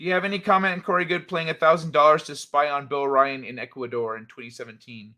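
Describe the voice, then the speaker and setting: A man with a high, bright, sharp voice hosts a casual livestream, answering chat messages as he goes. He rants in a heated, blunt way and swears freely. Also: fairly even intonation, fast. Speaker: livestream host reading chat.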